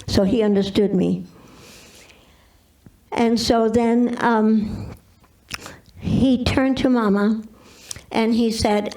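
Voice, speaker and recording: An older woman telling her personal testimony as an interview guest, halting with restarts and repeats. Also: fairly high pitch, steady tone, mellow, far from the mic, low-quality recording.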